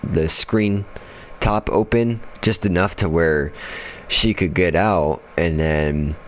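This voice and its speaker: A man's voice: low-pitched, slow, slight background noise. A man telling a story in casual chat while playing a game, swearing constantly and rambling with fillers. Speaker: gaming channel host.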